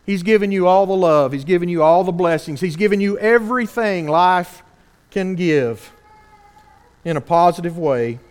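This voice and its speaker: A man with a fairly high voice preaches in a drawl. He is earnest and animated and keeps asking his listeners pointed rhetorical questions. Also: normal speed, clean tone. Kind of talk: sermon.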